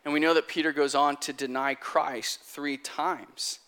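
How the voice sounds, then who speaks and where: A man preaching a sermon, retelling a story in an animated, conversational way. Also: fairly high pitch, unhurried, clear, resonant tone.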